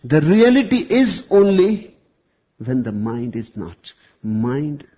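A spiritual teacher delivers a slow, deliberate discourse with long pauses between phrases. His voice has a husky, breathy edge. The recording sounds dull and lo-fi. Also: a little high, very animated.

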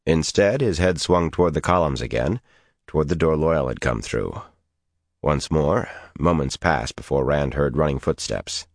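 A man narrating a fantasy audiobook in a steady, dramatic storytelling manner. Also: a bass voice, moderate pace, dry recording, studio quality. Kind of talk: scripted narration.

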